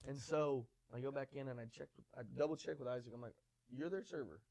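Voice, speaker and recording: Fast-talking young man telling stories. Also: medium pitch, creaky. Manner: animated storyteller, acts out quoted voices. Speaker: podcast guest. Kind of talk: casual storytelling.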